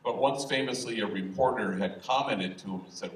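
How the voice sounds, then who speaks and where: A man in his sixties, a priest telling humorous stories in a public talk at a university event hall. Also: mid-range voice. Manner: humorous, anecdotal, unhurried. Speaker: priest and speaker. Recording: echoey hall, distant mic, faint hiss.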